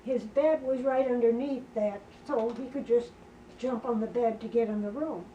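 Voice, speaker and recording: A woman's voice: a little high, moderate pace, warm tone, muffled recording. An older woman telling a family story in casual talk, often asking her listeners if they can believe it. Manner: chatty narrator who keeps checking in with listeners. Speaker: sibling sharing family memories. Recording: roomy, distant mic, faint background noise.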